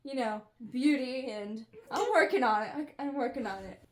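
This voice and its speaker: A woman's voice: high voice, normal speed, roomy sound. A young woman chatting casually with a friend, laid-back and frank, often giving short agreements. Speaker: guest friend. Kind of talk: casual chat.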